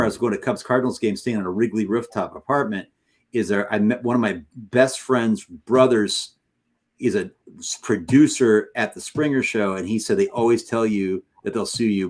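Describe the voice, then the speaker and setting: A man with a lowish voice tells a long, winding story in casual chat. He stumbles, restarts and bursts out loudly, like a teacher who is always on. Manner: animated rambling anecdote with restarts, loud bursts. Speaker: podcast co-host; high school teacher. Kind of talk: casual storytelling on a sports stream.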